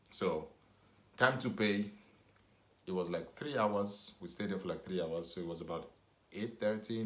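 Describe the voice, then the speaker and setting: Man, Nigerian accent, very deep voice, rambling storyteller, echoey room. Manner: rambling, animated retelling full of "you know". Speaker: vlogger. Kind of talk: casual storytelling to camera.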